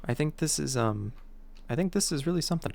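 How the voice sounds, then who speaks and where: A man's voice: fairly high pitch, expressive, fast, gravelly, a little mellow. A male streamer chatting casually while playing, in a rambling, playful, self-mocking way. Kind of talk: casual gameplay chat.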